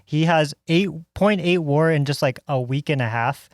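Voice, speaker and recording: A young man answers questions with calm, fact-driven sports talk. His voice is smooth and clear. The recording is dry and close. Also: a little high, normal speed, no room sound. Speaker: podcast co-host. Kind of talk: casual sports chat.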